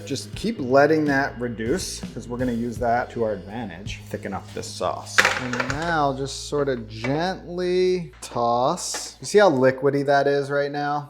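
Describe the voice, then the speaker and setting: Chatty upbeat man hosting a cooking show. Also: mid-range voice. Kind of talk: casual cooking demonstration. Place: kitchen.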